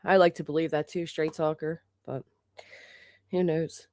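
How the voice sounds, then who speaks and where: A woman's voice: deep voice, fairly even intonation, measured pace, a little mellow, no echo. A woman hosting a livestream in a casual, rambling way, swearing freely and restarting her sentences again and again. Her throat is a little sore, and she reads out thanks to members of the chat. The sound is dry and close, with no room around her voice. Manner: rambling, profane, with many restarts. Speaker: livestream host.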